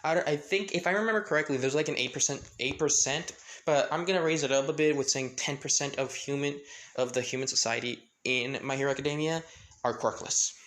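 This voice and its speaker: A man's voice: medium pitch, fairly quick, a bit bright. A man casually retelling a fan story, rambling with many restarts and filler phrases.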